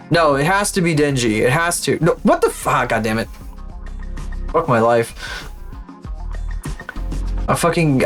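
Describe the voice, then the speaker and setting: A man's voice: mid-range voice, fairly bright tone. A young man streaming live, commenting as he plays, swearing often and mumbling names aloud as he guesses.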